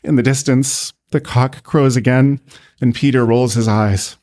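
A man, a priest, narrating a sermon as a slow, deliberate story. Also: mid-range voice, fairly even intonation, a little mellow.

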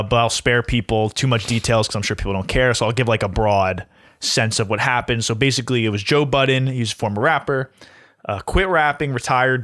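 A man's voice: mid-range voice, a bit bright, dry recording, clean studio sound. A man co-hosting a podcast, chatting casually and recapping gossip with lots of filler words and swearing. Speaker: podcast co-host. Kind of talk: casual chat.

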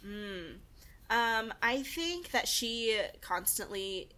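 A woman's voice: a little high, animated, very slow, pushed and bright. A woman co-hosting a podcast in casual chat, gushing with enthusiasm and laughing often. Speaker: podcast co-host.

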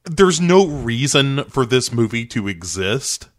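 An American man talks movies in a loose, rambling way, wry and quick to laugh. His voice sits at an ordinary middle pitch, relaxed and conversational. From United States. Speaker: podcast co-host. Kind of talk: casual chat about movies.

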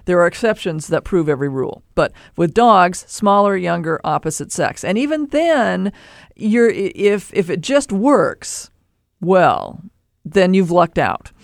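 High, gravelly-voiced man giving pet advice. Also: measured pace, no room sound, clean studio sound. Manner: animated explaining, with playful asides. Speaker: pet behavior expert host. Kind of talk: call-in advice show.

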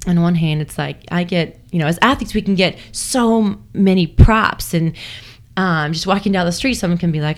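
A young woman with a somewhat low voice speaks as a guest in a relaxed interview. She rambles in a chatty way, with lots of fillers and restarts. She often acts out her own inner thoughts as quoted lines. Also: moderate pace. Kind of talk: casual conversational interview.

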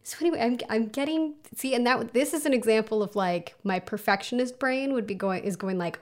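A woman's voice: fairly high pitch, a little fast, few pauses, a little mellow. A woman hosting a casual solo podcast from home, chatty and self-mocking, with lots of fillers. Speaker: podcast host. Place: home under a flight path, planes overhead.

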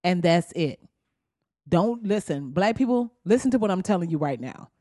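A woman's voice: fairly low pitch, expressive, normal speed, dark tone, no echo, studio quality. A woman hosting her own podcast, ranting bluntly and profanely in a heated, casual way. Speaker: podcast host. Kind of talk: solo podcast rant.

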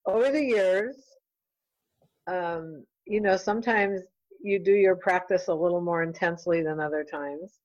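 A woman's voice: fairly low pitch, darkish tone, no echo, rough recording. Earnest middle-aged woman guest. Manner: earnest, heartfelt, halting. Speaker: guest, real estate broker. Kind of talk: casual interview chat.

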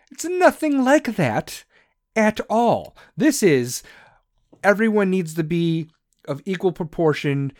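A fairly high-voiced man rants in a profane, sarcastic monologue, his pitch swinging up and down as he gets worked up. The sound is dry and close, with no room around him. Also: no echo. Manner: heated, sarcastic, swears constantly; mocks others in put-on voices.

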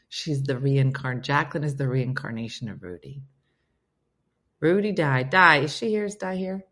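Bright, chatty woman in her fifties. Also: deep voice. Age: 50s. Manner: chatty, animated, rises sharply when excited. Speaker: livestream host. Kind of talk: casual storytelling and reading viewer comments. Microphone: phone camera.

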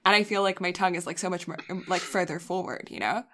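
A woman's voice: on the low side, quick pace, pushed and bright. A young woman from England whose English accent is mixed with a North American one, chatting casually as a podcast co-host and teasing with frequent laughter. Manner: laughs often, playful teasing. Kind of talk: casual chat.

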